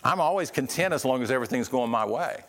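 A man preaching a sermon in a conversational way, often repeating and restarting words and rising in pitch when he stresses a point. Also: expressive, quick pace, fairly bright tone. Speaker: pastor.

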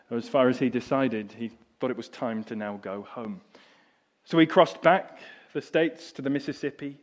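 A middle-aged man preaching a sermon, telling a story that drops soft and low and then rises loud and high. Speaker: pastor.

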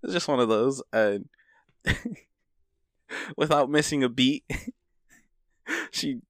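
A man's voice: mid-range voice, expressive, slow, a bit bright, no echo, studio quality. A young man co-hosting a podcast, telling loose, rambling stories and laughing through them. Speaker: podcast co-host. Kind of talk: casual chat.

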